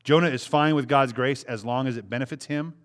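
A man's voice: medium pitch, brisk. A man preaching a sermon in a conversational way, asking the congregation rhetorical questions and acting out short quotes. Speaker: pastor.

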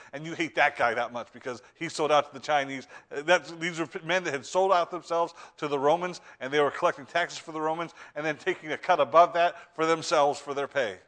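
Male preacher, bright tense voice, a bit high, fervent, restarts words, loud then hushed. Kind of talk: sermon.

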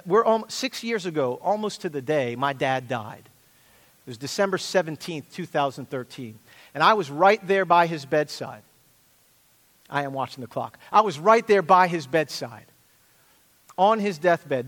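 A man's voice: on the high side, lively intonation, moderate pace, fairly bright tone. A middle-aged male pastor preaching an earnest, emphatic sermon with repeated phrases. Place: church sanctuary. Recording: long hall reverb.

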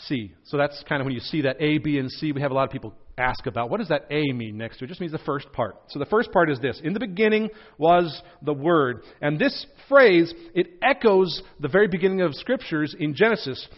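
Preaching from a church pulpit, a pastor delivers a teaching sermon in a slightly high voice, spelling out words and repeating points for note-takers. For emphasis he slows down and grows louder. The audio sounds muffled and dull.

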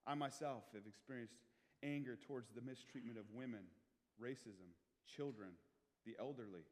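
A man's voice: mid-range voice, moderate pace. Male pastor preaching in a reverberant hall. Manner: conversational, asks the congregation questions; swings between quiet asides and loud emphasis. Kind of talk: sermon.

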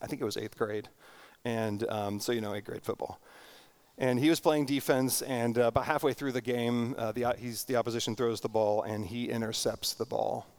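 A middle-aged man, a pastor, preaching a sermon in an earnest, reflective way, slowing down for emphasis and often repeating words. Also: medium pitch, steady tone, a little mellow.

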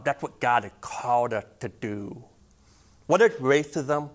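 A man's voice: medium pitch, normal speed. A man preaching a sermon as pastor, impassioned, repeating words and rising to emphatic peaks.

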